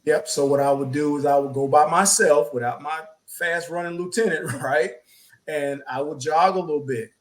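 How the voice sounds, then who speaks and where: A man's voice: fairly high pitch, moderate pace, low-quality recording. A man with a somewhat raised, light voice tells a story in a loose, chatty way. He repeats himself as he goes and acts out what people said. He sounds like a co-host sharing experience with listeners. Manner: animated storyteller, repeats words, acts out quotes. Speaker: podcast co-host. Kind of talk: casual storytelling chat.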